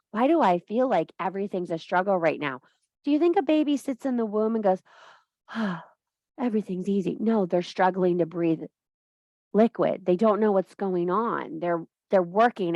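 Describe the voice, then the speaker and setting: A woman's voice: lowish voice, no room sound. A woman giving a casual spoken lecture on witchcraft, blunt and profane, firing up her listeners and laughing often mid-sentence. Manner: blunt, profane, fired-up pep talk. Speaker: witchcraft teacher.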